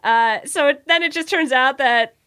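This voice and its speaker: A woman's voice: high-pitched, moderate pace. A woman co-hosting a podcast, giggling as she recaps a cartoon episode in casual chat. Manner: animated, giggly storyteller. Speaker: podcast co-host.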